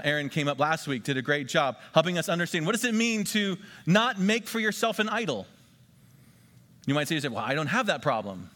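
A male pastor delivers a sermon in a fairly high voice, emphatic and deliberate, slowing down to repeat key phrases for his listeners. His words ring out with a long reverb from a large church hall. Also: a bit bright.

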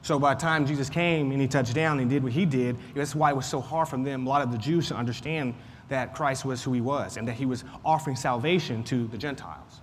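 A man's voice: mid-range voice, a little fast. Man, Sunday school teacher, chatty Bible lesson, lingering reverb and faint hiss. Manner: conversational, repeats points, frequent fillers. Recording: faint noise, long room reverb.

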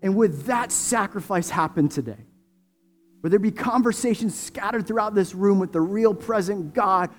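Impassioned high-voiced preacher over soft music. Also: male voice. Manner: swings from hushed prayer to loud impassioned preaching. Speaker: pastor. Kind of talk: sermon and prayer.

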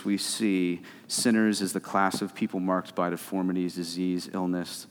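A man preaching a sermon as pastor, animated and emphatic, swinging between loud stretches and soft, low ones. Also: moderate pace, hardly any pauses. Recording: reverberant hall.

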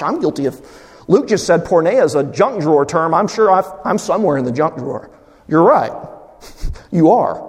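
A man preaching a sermon as a pastor, emphatic and animated, with humorous asides to the congregation. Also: sits high. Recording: long hall reverb.

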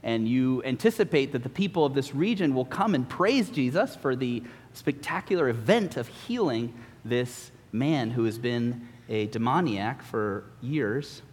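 Man, pastor, earnest sermon, halting fillers, middle pitch, echoing church hall. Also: animated, slightly rough. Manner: earnest, with frequent uh fillers and restarts. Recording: long reverb of a church hall.

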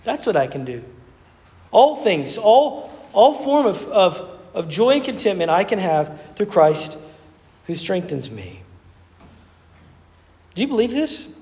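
A man's voice: high voice, sing-song, measured pace, a little mellow. A man preaching a sermon as a pastor, telling stories in a conversational way with repeated words. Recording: muffled sound with long hall reverb.

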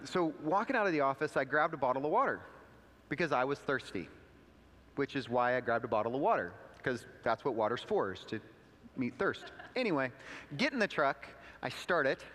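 Pastor preaching in a reverberant hall. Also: male voice, a bit bright. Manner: conversational storytelling with asides, pitch rising for emphasis. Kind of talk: sermon. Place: church sanctuary.

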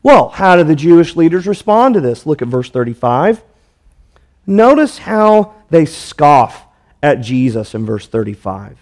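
A man's voice: on the high side, sing-song, a little slow, darkish tone. A man preaching a sermon, emphatic and repetitive, walking through a passage verse by verse. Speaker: pastor.

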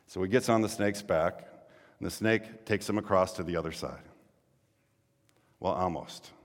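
A man's voice: low voice, big-room sound. A male pastor preaching a sermon earnestly, building to emphatic exhortations.

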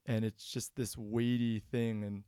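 A man earnestly discussing a sermon in a relaxed, reflective church podcast conversation. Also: on the low side, a little slow, smooth, no echo, clean studio sound.

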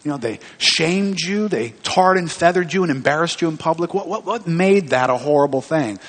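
A man's voice: high-pitched, sing-song, moderate pace. A man preaching a conversational sermon in a church, putting questions to the congregation. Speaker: pastor. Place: church sanctuary. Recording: long hall reverb.

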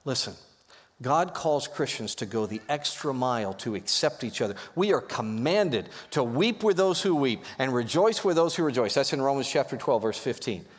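A man preaching a sermon as pastor, lively and joking as he rallies his congregation in a church. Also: medium pitch, normal speed. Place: church sanctuary. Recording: echoey hall.

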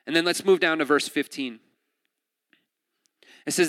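A young man preaching in a relaxed, conversational way, his voice bright and forceful and pitched a little high. He jokes, laughs easily and often stumbles back over his words. The sound is close and dry, with no room echo. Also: unhurried, long pauses. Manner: jokey, laughs often, restarts mid-sentence. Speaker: pastor. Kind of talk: conversational sermon.

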